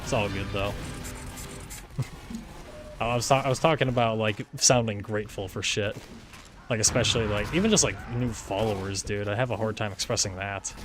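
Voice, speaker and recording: Flat-toned young man streaming a shooter game. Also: fairly low pitch, normal speed, long pauses, music in the background. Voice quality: flat, monotone delivery. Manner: rambling, swears often, repeats words and restarts a lot. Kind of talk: casual solo livestream chatter while gaming.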